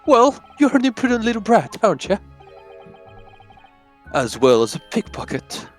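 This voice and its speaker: A man's voice: on the high side, wildly swooping pitch, brisk, a bit bright, slightly rough, soft background music, exaggerated voice. Man doing a pompous snooty british gent. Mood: haughty. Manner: pompous, clipped and scornful. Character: snooty British gentleman, haughty and threatening.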